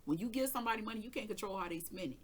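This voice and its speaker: A woman tarot reader hosting her own channel tells a personal story very fast in a husky, mid-range voice. She's casual and emphatic, swears freely, and acts out her side of an argument.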